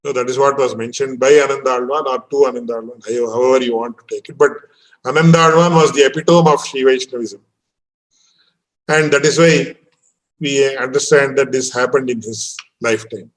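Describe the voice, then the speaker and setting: Speaking fairly quickly in a medium-pitched, fairly even voice, a man delivers a religious discourse, explaining verses patiently and citing Sanskrit and Tamil passages with a few chuckles. The recording is rough.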